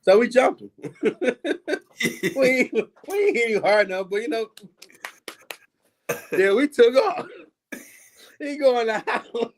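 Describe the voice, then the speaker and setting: Animated, high-voiced man. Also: takes it slowly, long pauses, a little hiss or hum. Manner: animated, laughing, acts out quoted voices. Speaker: host. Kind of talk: casual storytelling chat.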